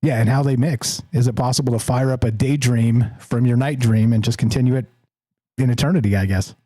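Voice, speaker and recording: A man hosting a call-in radio show, talking in an animated, quick way with laughing asides. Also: mid-range voice, no room sound, clean studio sound. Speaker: host.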